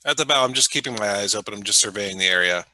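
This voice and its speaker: A man in a tabletop game asks hesitant questions about the rules. He talks fast in a very sharp, tense voice that sits a little low. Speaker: player. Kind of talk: casual tabletop play.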